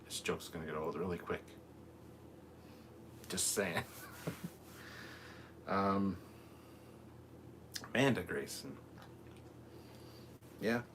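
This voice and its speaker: Deep-voiced man chatting casually on a livestream. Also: drawn-out words, pauses often, background noise. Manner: rambling, easygoing, lots of fillers and asides. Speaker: livestream host reading chat. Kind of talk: casual live-stream chat. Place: home room with TV. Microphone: camera mic at a distance.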